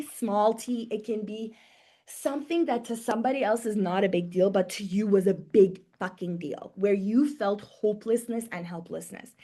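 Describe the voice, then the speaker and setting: A middle-aged woman teaching a live somatic wellness webinar from her home office over a video call, talking conversationally and acting out everyday examples with quick voiced reactions. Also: fairly high pitch, darkish tone.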